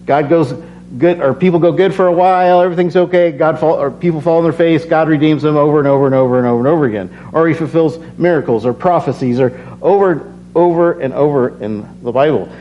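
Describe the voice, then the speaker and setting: A man's voice: on the high side, quick pace. Earnest, tired man preaching personally. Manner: earnest, personal, repeats phrases when excited. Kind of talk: casual sermon with scripture reading. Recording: slightly dull recording with faint hum.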